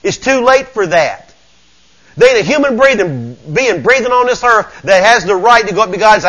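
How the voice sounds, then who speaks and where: A man preaching a sermon, fervent and folksy, moving from low murmurs to shouts. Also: lively intonation, fairly quick, poor audio.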